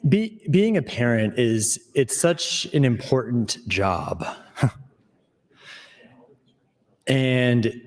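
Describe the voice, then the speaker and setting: Slow, reflective man giving a floor speech. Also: medium pitch, sing-song, darkish tone. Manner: slow, reflective, searching for words. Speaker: state senator. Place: legislative chamber.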